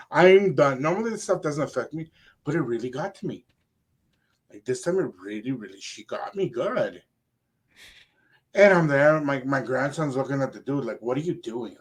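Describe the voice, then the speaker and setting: An older man and grandfather, a radio co-host, telling a rambling, animated story in casual chat. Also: on the high side, moderate pace. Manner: animated, rambling anecdote with quoted asides.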